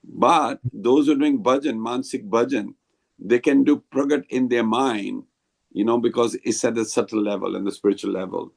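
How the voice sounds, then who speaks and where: A man leading a devotional group discussion over a video call, explaining slowly and rambling a little. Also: mid-range voice, creaky.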